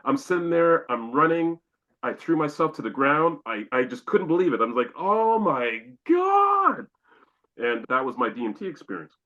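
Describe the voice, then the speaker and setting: A man's voice: mid-range voice, a little fast, fairly bright tone, dull audio. A man from Canada, a podcast guest, telling a long personal story and acting out his own exclamations.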